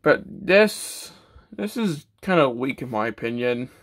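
Medium in pitch, with lively intonation and a measured pace, a man reviews a toy casually. He stammers often, restarts, and fills gaps with "uh," keeping a matter-of-fact, self-deprecating manner.

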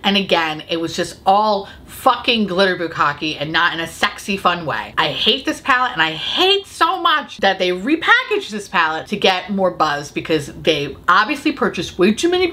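A woman beauty vlogger ranting casually to camera, swearing a lot, sarcastic and quick to laugh. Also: mid-range voice, pushed and bright. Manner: profane, sarcastic, laughing often.

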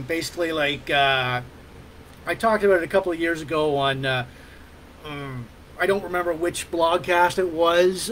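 A man with a fairly high voice hosts a livestream in loose, casual chat. He rambles and restarts often, stacking fillers between his thoughts. A faint background hiss sits under his voice. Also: fairly bright tone, poor audio. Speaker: livestream host.

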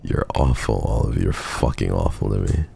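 A man's voice: rumbling low, moderate pace, vocal fry, dark tone, husky. A young man streaming a game, bantering with his chat in a profane, teasing way. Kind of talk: casual game stream chatter.

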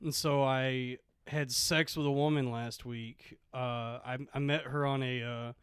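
Young dude deadpanning a long funny story, smooth clear voice, dry sound. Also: male voice, medium pitch, no echo. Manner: deadpan, halting with fillers, putting on quoted voices. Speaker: podcast co-host. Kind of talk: comedic storytelling.

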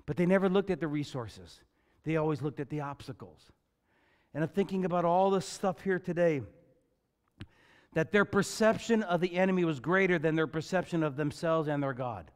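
Male pastor, animated sermon, high smooth voice, long church-hall reverb. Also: normal speed. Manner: animated storytelling, acts out Bible characters, jokey asides.

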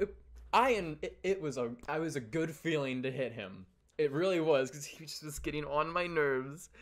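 In a casual vlog, a teenage YouTuber tells his viewers a story, sounding exasperated and rambling with lots of restarts. His pitch is medium, and the recording carries a slight hiss or hum.

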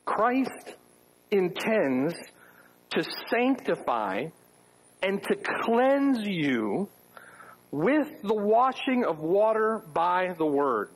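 A man's voice: high voice, big pitch swings, drawn-out words, husky, low-quality recording. A man preaching a sermon to his congregation, firing off rhetorical questions with wry asides. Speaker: pastor. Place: church.

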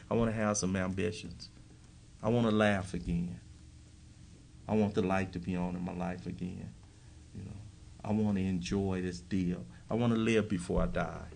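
A man's voice: deep voice, creaky, darkish tone, a little hiss or hum. A man speaking to a live audience at a recovery workshop in a meeting room. He talks bluntly and emphatically, hammering points home with short, repeated lines.

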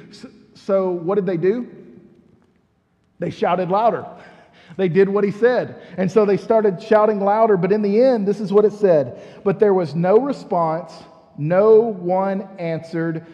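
A man's voice: on the high side, mellow, big-room sound, highs cut off. A man preaching a sermon in a conversational, storytelling way, asking the congregation questions as he goes. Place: church sanctuary.

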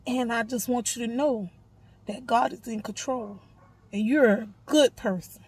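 Husky-voiced woman, tearful and affectionate. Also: a little high, unhurried, poor audio. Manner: affectionate, emotional, near tears. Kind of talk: recorded video greeting.

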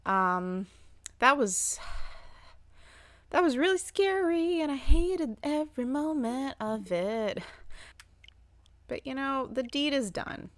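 A young woman chatting casually over her gameplay, excitable, squealing and swearing at what happens on screen. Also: sits high, slow pace, dry recording. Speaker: gaming channel host.

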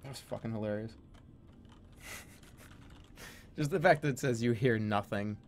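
A man's voice: lowish voice, slow pace, slight background noise. A young adult man streaming a game in casual commentary, laughing often, exclaiming and swearing freely.

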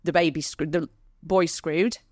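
A woman's voice: deep voice, fairly even intonation, measured pace, a little mellow, no room sound, studio quality. A woman, a podcast guest, telling her own story candidly and emotionally, acting out what people said. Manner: candid, vivid retelling with quoted dialogue; emotional, near tears. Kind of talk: personal storytelling in an interview.

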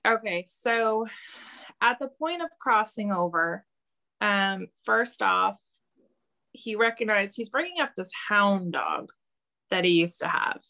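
A woman with a gravelly edge to her voice relays answers as a medium. She talks haltingly, with frequent ums and pauses, now and then breaking into laughter. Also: mid-range voice, lively intonation, bright, forceful tone. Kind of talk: channeling interview, relaying quotes.

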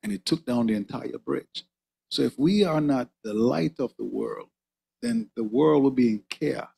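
A man's voice: mid-range voice, sing-song, moderate pace, vocal fry, mellow, slight background noise. A man preaching and praying fervently in a church, repeating "oh God" between phrases. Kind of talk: sermon and prayer. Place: church sanctuary.

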